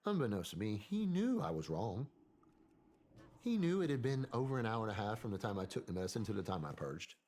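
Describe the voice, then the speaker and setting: A man, a podcast guest, telling a personal story in a soft-spoken, hesitant way that often trails off. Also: fairly low pitch, sing-song, brisk.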